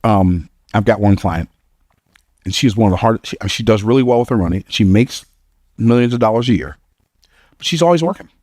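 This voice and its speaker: Lower-voiced man giving a motivational speech. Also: lively intonation, a little fast, long pauses, a little mellow, no room sound, studio quality. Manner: storytelling, emphatic and conversational; laughs at his own lines. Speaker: motivational speaker. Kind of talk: motivational speech to a live audience.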